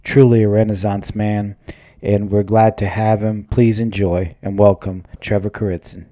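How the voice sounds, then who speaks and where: A man's voice: on the low side, level tone, moderate pace, warm tone, no room sound, studio quality. A man hosting a podcast, introducing a guest and asking questions with brief, friendly acknowledgements. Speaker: podcast host. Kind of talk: casual interview hosting.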